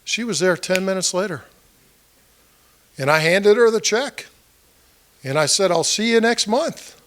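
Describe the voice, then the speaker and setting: A political candidate with a high, expressive, fairly bright voice speaks a little slowly at a small meeting of about 30 people. His campaign speech is conversational, full of stories where he acts out what people said, and he asks the audience questions directly.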